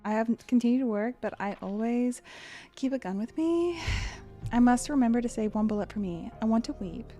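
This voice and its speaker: A woman's voice: a little high, a little fast, warm tone, faint music behind, lightly acted. A woman voicing a weary, frightened lab manager who reads diary entries aloud in an earnest, somber way.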